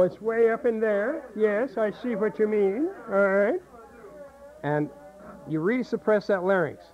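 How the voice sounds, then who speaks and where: A man teaching a voice acting seminar, explaining and demonstrating vocal sounds to a group. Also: high-pitched. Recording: tinny, muffled old seminar tape.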